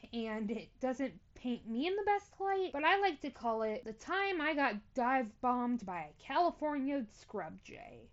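A woman's voice: high voice, muffled recording. A young adult woman hosting a podcast, telling a story in a casual, playful, self-mocking way. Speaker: podcast host.

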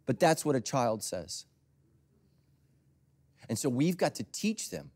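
A man preaching a sermon as a pastor in a conversational, storytelling way, swinging from loud emphasis to near whispers. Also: medium pitch, animated, slow, gravelly, pauses often.

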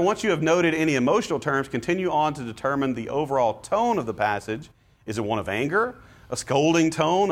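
A man teaching a Bible study class, explaining passages casually and reading scripture aloud with feeling. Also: mid-range voice. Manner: conversational, dramatizes scripture readings with rising intensity; frequent fillers and restarts, relaxed explaining. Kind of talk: classroom lesson.

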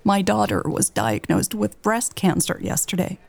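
A woman voicing a sad, frail elderly lady who speaks softly through sighs and tears. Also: mid-range voice, big pitch swings, normal speed, gravelly, full character voice. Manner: soft, sighing, wavering.

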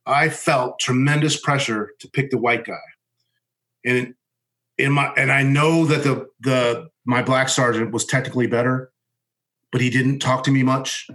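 A man with a bright, forceful voice recounts his time as a Marine officer. He talks candidly and haltingly, often restarting sentences, and swears bluntly. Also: mid-range voice, steady tone, rough recording. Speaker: former Marine officer telling his story. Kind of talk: candid conversational storytelling.

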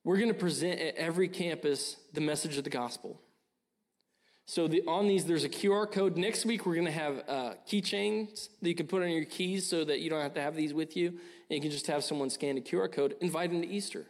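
A man's voice: on the high side, fairly quick. A young man preaching a sermon, earnest and urging, often repeating his phrases. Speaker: pastor.

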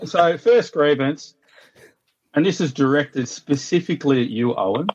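Aussie guy on a call, ranting and cursing nonstop, kinda high voice, faint hiss behind. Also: normal speed, muffled recording. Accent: Australian. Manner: sweary, blunt ranting. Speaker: podcast guest.

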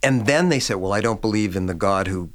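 A man with a fairly low voice speaks in an easy podcast conversation. He is thoughtful and unhurried, circling back to restart phrases as he recalls talks with students and parishioners. His tone stays measured throughout. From Canada. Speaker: Anglican rector, guest.

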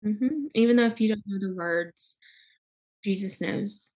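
A young woman guest speaking candidly in casual conversation, halting, with many fillers and restarts. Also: medium pitch, warm tone, slightly rough.

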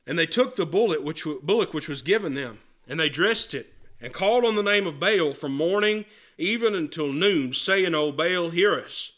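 A man's voice: fairly high pitch, animated, moderate pace, a bit bright. A man preaching an earnest sermon, reading scripture aloud and often restarting his words.

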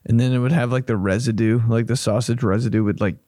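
A man's voice: medium pitch, fairly even intonation, quick pace, mellow, dry recording. A man hosting a comedy podcast, riffing loosely and profanely, joking as he reacts, on a close mic. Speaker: podcast host.

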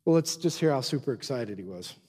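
A man preaching a sermon as pastor, emphatic, swinging from loud exhortation to quiet asides. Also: medium pitch, expressive, fairly quick, husky, big-room sound.

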